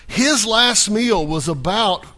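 A man's voice: high-pitched, lively intonation, slow, bright, forceful tone. A male pastor preaching a sermon in a conversational, folksy way, often restarting and repeating small words.

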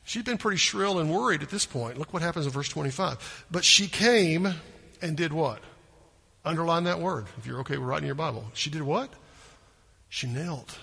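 Animated preacher man, bright and husky. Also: a little high, moderate pace, long reverb tail. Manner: animated, acts out voices of people in the story. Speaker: pastor. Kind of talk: sermon.

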